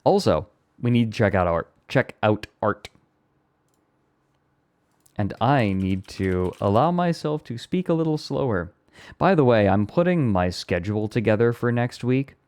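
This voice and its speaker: A man's voice: lowish voice, expressive, unhurried, darkish tone, clean tone. A man live streaming who chats casually, rambling and amused with himself. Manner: rambling, self-amused, breaks into laughter.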